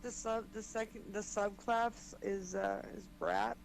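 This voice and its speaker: A woman's voice: medium pitch, sing-song, a little slow, a little hiss or hum, rough recording. A tired, sleepy woman chatting casually over a voice call after a tabletop game, rambling and making fun of herself. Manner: rambling, self-mocking. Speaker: player.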